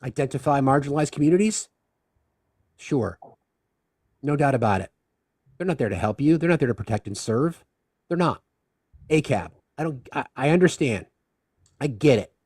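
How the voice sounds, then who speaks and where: A man's voice: mid-range voice, expressive, a little mellow, husky, dry recording. Male stream host, impassioned, rhetorical, dry close sound. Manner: impassioned, rising to rapid rhetorical questions. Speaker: livestream host. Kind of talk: live discussion stream.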